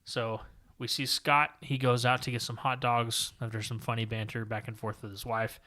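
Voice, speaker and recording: A man's voice: medium pitch, level tone, normal speed, bright, forceful tone. A man co-hosting a comic book podcast, casually recapping and reading panels aloud in a long-winded, rambling way. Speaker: podcast co-host.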